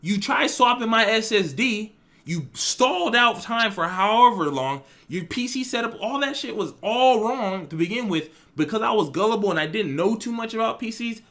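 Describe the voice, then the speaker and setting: A man's voice: high-pitched, expressive, normal speed, fairly bright tone. A young man telling a storytime vlog in a casual, slangy, profane way, with lots of animation. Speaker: vlogger.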